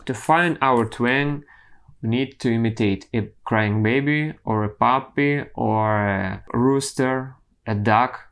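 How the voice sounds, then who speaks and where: Slow, careful male singing teacher. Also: medium pitch, a bit bright, clear, resonant tone. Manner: slow, careful explanations with pauses and restarts. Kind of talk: explaining vocal technique.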